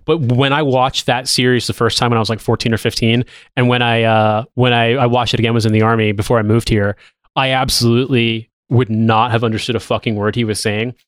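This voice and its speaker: A man's voice: medium pitch, flat delivery, fairly quick, smooth, dry recording. A man in his thirties, co-hosting a casual podcast chat, rambling with many restarts and casual swearing. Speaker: podcast co-host.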